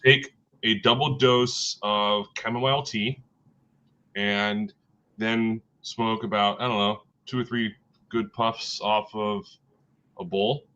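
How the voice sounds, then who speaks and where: A man's voice: fairly low pitch, steady tone, slow, pushed and bright, muffled recording. A man who teaches a trade, chatting casually as a guest and telling rambling jokes. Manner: rambling, laughing, tells jokes. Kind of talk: casual chat.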